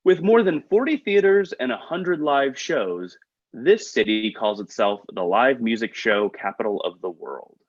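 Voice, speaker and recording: Male trivia host, lively delivery, jokey asides, lo-fi video call sound. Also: medium pitch, no echo. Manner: upbeat, quick asides, chuckles at own jokes. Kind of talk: reading trivia questions, joking asides. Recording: dull, lo-fi video call audio.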